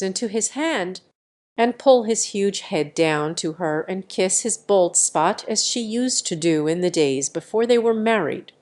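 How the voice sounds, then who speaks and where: A woman reading a classic novel aloud as an audiobook narrator, even and measured. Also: medium pitch. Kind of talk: scripted narration.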